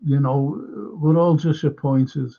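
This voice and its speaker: Gravelly slow-talking man. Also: on the high side, steady tone, mellow. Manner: emphatic, repetitive, swears, talks to viewers by name. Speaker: fan channel host. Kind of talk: live fan chat show, reading viewer comments. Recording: dull lo-fi sound.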